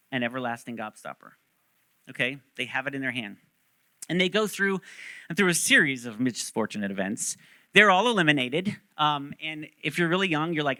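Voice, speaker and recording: A man's voice: fairly high pitch, bright, forceful tone, no echo. A male pastor preaching a sermon, telling stories animatedly and joking with the congregation.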